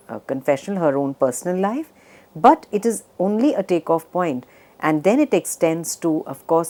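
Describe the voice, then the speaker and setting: A woman literature professor giving a measured lecture on a poem, with frequent fillers and slowly read verse lines. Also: low-pitched, mellow.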